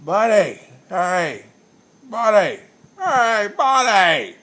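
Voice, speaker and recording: A man voicing a belligerent drunk man who yells crude taunts across a bar. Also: mid-range voice, normal speed, close to an everyday voice. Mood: drunken yelling.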